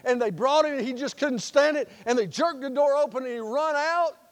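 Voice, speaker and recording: A high-voiced male pastor preaches with folksy, animated storytelling. His voice rings out through a church sanctuary with a long, echoing reverb. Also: brisk. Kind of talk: sermon with storytelling.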